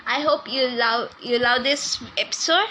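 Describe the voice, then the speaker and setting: A woman's voice: fairly high pitch, measured pace, pushed and bright, a little hiss or hum, low-quality recording. A woman hosting a casual podcast, rambling with many restarts as she signs off. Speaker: podcast host.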